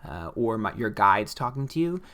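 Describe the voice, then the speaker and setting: Psychic vlogger with a bright tone, casual storyteller who swears and gets loud for emphasis. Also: medium pitch, normal speed. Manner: animated and profane, with loud emphatic bursts. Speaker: psychic and tarot reader.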